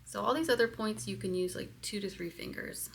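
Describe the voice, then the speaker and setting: A woman's voice: medium pitch, fairly quick, creaky, breathy edge. A woman giving a candid, hesitant self-help lesson, with many fillers as she explains step by step. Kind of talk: casual personal instruction video.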